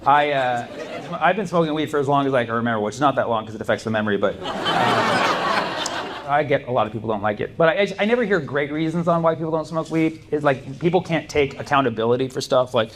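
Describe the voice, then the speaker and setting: A man's voice: mid-range voice, animated, quick pace. Rambling male stand-up comic, noisy club. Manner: loose, rambling delivery with frequent "like" and "you know". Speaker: stand-up comedian. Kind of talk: stand-up comedy with crowd work. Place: comedy club stage before a live audience. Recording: live club recording with crowd noise.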